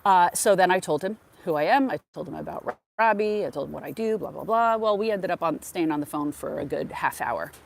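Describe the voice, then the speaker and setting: A woman's voice: lowish voice, animated, a little fast, creaky, hardly any pauses, slight background noise. A middle-aged woman hosting a podcast, chatting through stories in a casual monologue and acting out the conversations she retells. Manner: chatty, acts out quoted conversations. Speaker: podcast host.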